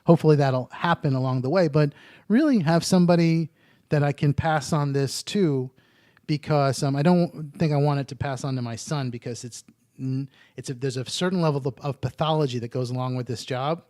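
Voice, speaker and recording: Man, podcast guest, slightly high voice, chatty storyteller, dry close mic. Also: a little fast, a little mellow, no echo. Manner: chatty storyteller, joking asides. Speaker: guest, addiction interventionist. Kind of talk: casual podcast interview.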